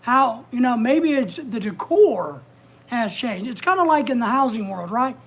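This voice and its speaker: A woman's voice: fairly high pitch, expressive, measured pace, slightly rough. A woman hosting a casual livestream from home, chatting, giving advice and reading out viewer comments. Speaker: livestream host.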